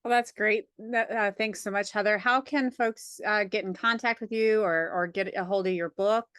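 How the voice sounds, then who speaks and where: A woman's voice: mid-range voice, fairly even intonation, normal speed, a bit bright, smooth, no room sound, clean studio sound. A woman hosting a podcast interview, offering brief friendly acknowledgements and questions. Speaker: podcast host.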